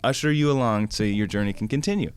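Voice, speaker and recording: Brief: male podcast guest, deep voice, rambling anecdotal storyteller. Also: fast talker, clear, resonant tone. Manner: rambling, lots of fillers and acted quotes. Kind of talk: casual storytelling.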